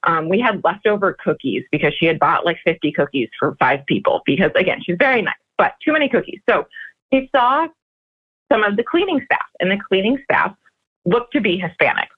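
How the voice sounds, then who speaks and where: A woman's voice: mid-range voice, animated, a little fast, breathy edge. Brief: female podcast caller, rambling and hesitant, heard over a tinny phone line. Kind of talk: telling her problem on a call-in show.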